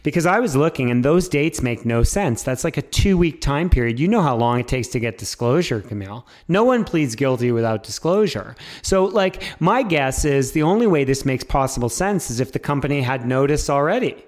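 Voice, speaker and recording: A Canadian man co-hosting a podcast in casual chat, animated and exasperated, swearing as he gets riled. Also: mid-range voice, a little fast, few pauses. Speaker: podcast co-host.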